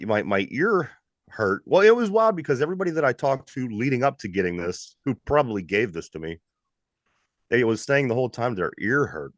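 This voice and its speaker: Lively Pittsburgh man hosting, just over being sick. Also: medium pitch, dry recording, studio quality. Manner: animated, repeats words while talking. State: recovering from illness. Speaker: podcast co-host. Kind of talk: casual sports podcast chat.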